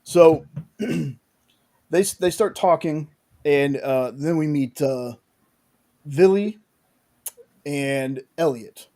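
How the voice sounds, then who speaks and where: A man walks through a TV episode scene by scene, stopping and restarting his sentences as he goes. His voice sits a little high but has a mellow, soft tone. It comes across as relaxed, casual chat. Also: very slow, pauses often. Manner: rambling, with many restarts and "like". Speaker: podcast host recapping a show.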